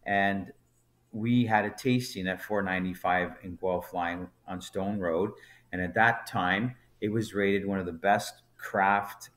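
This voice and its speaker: A man's voice: low-pitched, measured pace. A man, a brewery co-founder guest on a podcast, telling an anecdote and acting out the dialogue as he goes. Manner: animated storyteller, acts out dialogue in quotes. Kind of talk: storytelling anecdote in conversation.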